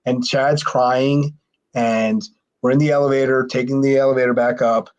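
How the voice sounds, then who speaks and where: A man, a former pro wrestler guesting on a podcast, telling a rambling, profane story and mimicking others in a high voice. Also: moderate pace, muffled recording. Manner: animated, mimics others with sharply raised pitch. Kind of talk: casual storytelling.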